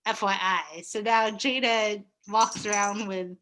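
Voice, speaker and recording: A woman's voice: mid-range voice, fairly even intonation, a little slow, background noise. A woman in casual chat with a friend, rambling and laughing often. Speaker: guest friend.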